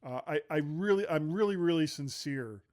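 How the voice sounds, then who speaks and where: A man co-hosting a casual tech podcast, chatty and quick to laugh, telling stories and reading show notes aloud. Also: fairly high pitch, animated, darkish tone. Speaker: podcast co-host.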